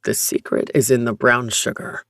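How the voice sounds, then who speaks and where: A narrator voicing Noah, a gentle deep-voiced man. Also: little pitch movement, moderate pace, no room sound, studio quality, lightly acted. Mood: proud. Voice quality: smooth, deep voice. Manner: warm, considerate, reassuring. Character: gentle young man, proud home brewer. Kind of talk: audiobook narration.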